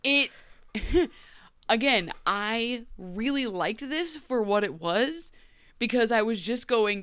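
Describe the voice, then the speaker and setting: A Midwestern American woman with a slightly raspy voice, co-hosting a casual podcast chat and recapping a TV episode with animated, sarcastic asides. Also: medium pitch, a little slow, dry recording, studio quality. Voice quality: raspy right now. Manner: animated, sarcastic, acts out quotes. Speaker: podcast co-host.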